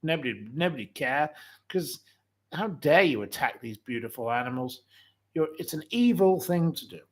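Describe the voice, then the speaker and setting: A man's voice: on the high side, expressive, normal speed. A man in his forties hosting his channel, ranting indignantly and piling up one insult after another. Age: 40s. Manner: indignant, repetitive, heaps up insults. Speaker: channel host. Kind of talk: ranting livestream commentary.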